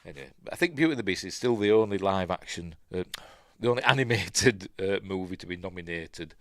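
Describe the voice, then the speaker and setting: An older man with a Yorkshire accent talks through his favourites in a loose, rambling way, often chuckling and drifting off to check details. His voice sits low but leaps around a great deal in pitch. The sound is dry and close. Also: expressive, quick pace, dry recording. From Yorkshire, England. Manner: rambling, chatty, laughs often, trails off to look things up. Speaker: podcast host. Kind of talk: casual solo chat.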